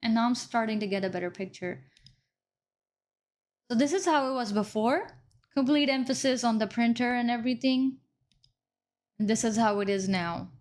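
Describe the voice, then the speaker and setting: A woman's voice: a little high, normal speed, pauses often, a little mellow. A woman teaching color grading step by step in a screen-recorded tutorial, correcting her own slips along the way. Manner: explains step by step, apologizes for slips. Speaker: video editing instructor.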